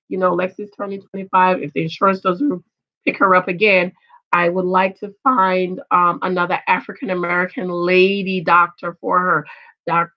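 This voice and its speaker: A middle-aged woman giving loud, emphatic casual commentary on a reality show and reading viewer comments. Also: on the low side, highs cut off. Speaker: vlogger reviewing a reality show.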